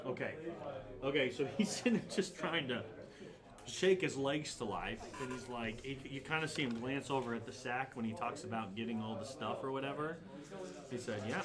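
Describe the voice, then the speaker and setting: A man's voice: mid-range voice, moderate pace, a crowd in the background. A man narrating as dungeon master in casual tabletop play, rambling and hesitant with many fillers.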